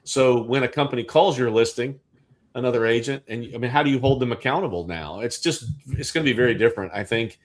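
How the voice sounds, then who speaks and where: A man's voice: mid-range voice, fast. A man hosting a casual livestream discussion as a real estate agent, thinking aloud with restarts.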